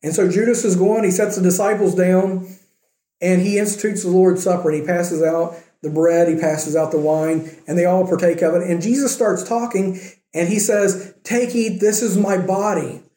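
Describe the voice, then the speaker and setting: A man's voice: sits high, fairly even intonation, normal speed, mellow. Conversational preaching man, echoey room. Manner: conversational preaching, acting out quoted lines. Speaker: pastor. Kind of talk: sermon.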